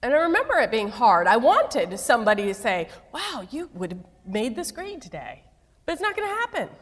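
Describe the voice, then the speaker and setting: A woman's voice: on the high side, sing-song, fairly quick, a bit bright, big-room sound. A middle-aged woman pastor preaching a sermon, telling stories with playful asides.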